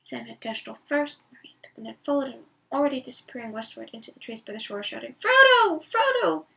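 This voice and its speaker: Gravelly woman reading a bedtime story. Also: on the high side, fairly even intonation, quick pace. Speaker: reader. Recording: voice from a distance.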